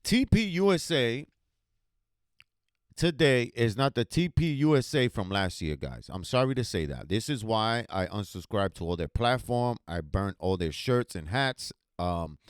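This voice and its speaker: A man's voice: on the low side, big pitch swings, moderate pace, few pauses, clear, resonant tone, no echo, studio quality. A man hosting his own talk show, giving emotional, swearing commentary with strong emphasis. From United States. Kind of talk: heated commentary to camera.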